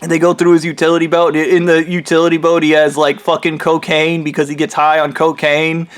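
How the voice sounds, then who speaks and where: A man's voice: fairly high pitch, completely flat delivery, fairly quick. A man casually improvising a story for a show idea, rambling with many fillers and restarts. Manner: rambling, laughing, frequent fillers.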